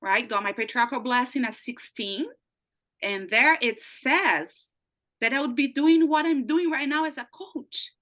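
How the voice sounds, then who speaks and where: A woman's voice: high voice, a little slow, fairly bright tone. A woman from Brazil, a life coach guest telling her story earnestly in casual chat, often adding "right?".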